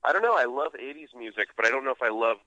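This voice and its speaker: A man with a bright, forceful voice, calling in by phone. The line is dry and glitchy, and his pitch swings a lot. He drops deadpan jokes into casual chat. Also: racing, no room sound, highs cut off. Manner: jokey, deadpan quips. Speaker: remote podcast guest. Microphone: phone call.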